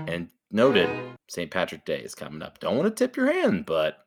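A relaxed man hosting a podcast, a little low-pitched and lively in his ups and downs. He jokes easily and keeps things casual while music plays clearly in the background. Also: moderate pace. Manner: laid-back, joking, calls cohost baby. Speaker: podcast host. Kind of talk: casual chat.

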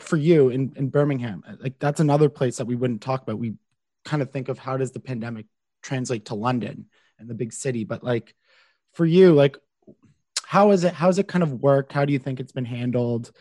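A man's voice: medium pitch, normal speed, warm tone, no room sound. A man from Canada hosting a podcast, chatting in an upbeat, casual way with lots of fillers. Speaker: podcast host. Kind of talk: podcast intro and interview.

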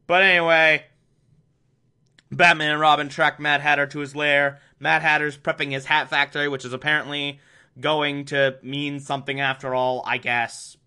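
A man's voice: a little high, little pitch movement, normal speed, pushed and bright, clean tone. A man giving a comedic recap of a cartoon episode, sarcastic and prone to exasperated rants. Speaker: show recap host.

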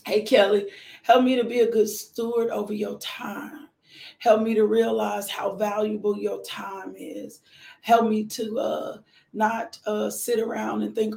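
Hoarse, gravelly woman host, casual devotional prayer, echoey room. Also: medium pitch, little pitch movement, slow. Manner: warm, repetitive thanksgiving, greets viewers by name. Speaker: host of a morning devotional livestream.

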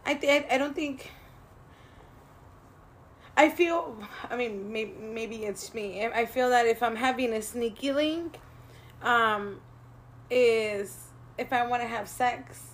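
A woman's voice: a little high, takes it slowly, pauses often, a little hiss or hum. A woman hosting a casual podcast chat, hesitant and filler-heavy, breaking into laughter often. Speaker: podcast host.

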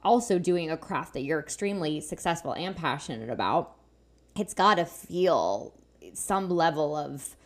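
A woman's voice: sits low, lively intonation, measured pace. A woman hosting a podcast, chatting eagerly and asking leading questions. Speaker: podcast host. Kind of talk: casual interview chat.

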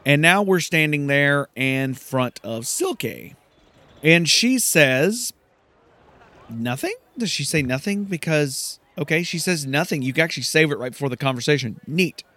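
A man casually narrating a fantasy game he is playing, excitable and swearing at setbacks. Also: on the high side, normal speed. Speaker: gamer. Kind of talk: let's play commentary.

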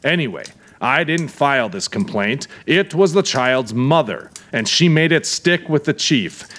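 A man's voice: mid-range voice, animated, a little slow, a bit bright, pitched above the performer's own voice. A man doing a firm, blunt young cop. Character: calm, firm young male small-town police officer. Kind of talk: audiobook character voice.

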